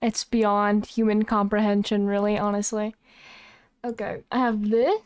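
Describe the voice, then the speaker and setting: A woman's voice: medium pitch, level tone, measured pace, clear, resonant tone, no echo, clean studio sound. A young woman chatting casually on a livestream, flustered and self-mocking as she sets things up. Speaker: streamer.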